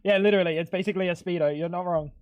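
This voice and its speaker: Talking very fast in a steady tone, a young man on a live stream trades loose jokes with chat and swears freely, squeaking up high in disbelief at anything baffling. There's no room sound, and the highs are cut off.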